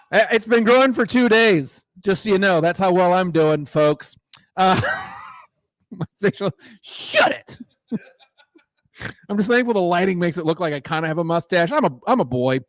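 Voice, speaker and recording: A man's voice: high-pitched, expressive, moderate pace, no echo, studio quality. A middle-aged man doing a crude, rambling stand-up set who laughs at his own jokes, on a mic in a small garage room. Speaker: stand-up comedian. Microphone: microphone in a garage.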